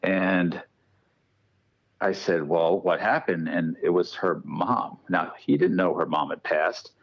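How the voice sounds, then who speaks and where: A man's voice: sits low, slow pace, lo-fi sound. A man telling paranormal stories casually on a podcast, acting out the voices of the people in them. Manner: animated, acts out quoted dialogue. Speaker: podcast guest, paranormal researcher. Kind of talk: casual storytelling.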